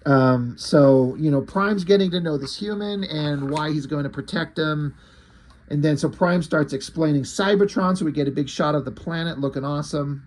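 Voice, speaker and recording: Casual male comic reviewer, husky and slightly high-pitched, loose and chatty. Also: normal speed. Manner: chatty, swears, many fillers.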